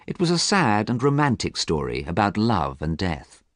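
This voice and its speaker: A man with a low, deep voice reads a simplified story aloud. His delivery is slow, clear and even, and his intonation rises and falls with lively movement. The recording is dry and close, with no room sound. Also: no echo. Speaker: audiobook narrator. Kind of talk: scripted graded-reader narration.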